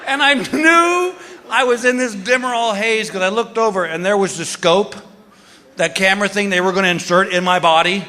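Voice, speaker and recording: A man's voice: high voice, brisk. A middle-aged man doing stand-up, telling a story and acting out the people in it. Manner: animated, acts out the people in his stories. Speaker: stand-up comedian. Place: theater stage before a crowd. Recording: live stage show in a big hall. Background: audience laughter.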